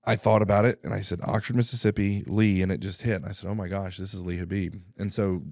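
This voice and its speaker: A man telling his life story in a casual interview, animated, acting out dialogue and often clearing his throat. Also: deep voice, no room sound, clean studio sound. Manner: animated, acts out dialogue with quick voice shifts; frequent throat clearing and restarts.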